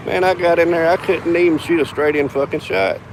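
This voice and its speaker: A man's voice: a little high, fairly even intonation, a little fast, background noise. Profane man spinning a yarn. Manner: drawling, profane, laughs between lines. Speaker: vlogger telling a story. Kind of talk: casual profane storytelling.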